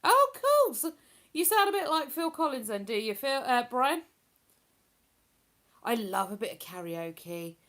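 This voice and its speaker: A woman's voice: high voice, big pitch swings, a little slow, pauses often, a bit bright. A woman chatting casually on a live stream, rambling and laughing as she reads out messages from her viewers. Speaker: live streamer reading chat.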